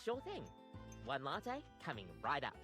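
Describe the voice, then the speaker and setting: A woman's voice: low voice, wildly swooping pitch, measured pace, a bit bright, faint music behind, full character voice. A woman voicing a nervous, cheerful female coffee maker barista with an Australian accent in a video game, upbeat and a little jittery. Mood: bubbly. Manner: bubbly, jittery, upbeat service patter.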